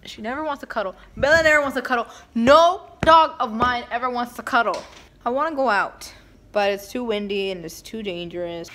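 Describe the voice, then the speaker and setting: Bright-voiced young woman vlogging at home. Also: a little high, brisk, slight background noise. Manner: chatty, playful, joking. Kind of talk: casual chat to camera. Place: indoors at home, windy outside.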